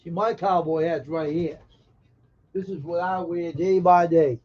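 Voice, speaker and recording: Joking with his chat and reading their messages, this live-streamer from the American South keeps a folksy tone at home. His voice runs on the high side, steady, unhurried, and darkish, carried on dull lo-fi stream audio.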